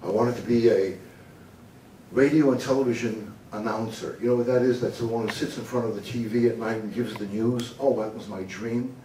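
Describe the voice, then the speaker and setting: An older man from the United States gives an animated storytelling talk on humor, laughing at his own jokes and sometimes slipping into a booming announcer voice. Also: brisk, a little hiss or hum. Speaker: motivational humor speaker. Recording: echoey hall, mic at a distance.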